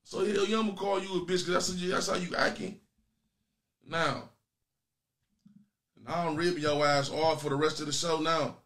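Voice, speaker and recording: Man, comedy call-in host, loud and profane, teasing callers, fairly high voice. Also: steady tone, normal speed, pauses often. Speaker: comedy show host taking calls. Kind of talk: crude joking banter with callers.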